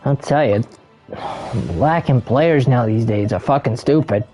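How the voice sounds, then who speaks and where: A man's voice: mid-range voice, a little slow, mellow, soft background music. A man streaming a game, ranting angrily with heavy profanity at other players. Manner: angry, heavily profane, ranting. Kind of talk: ranting gameplay commentary.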